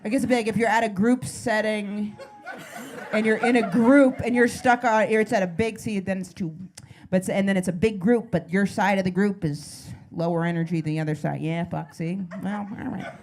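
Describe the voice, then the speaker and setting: A woman comedian on a club stage, doing crowd work and a stand-up set in a neurotic, self-deprecating way, breaking into loud mock panic. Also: mid-range voice, fairly even intonation, moderate pace. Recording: live club recording with audience noise.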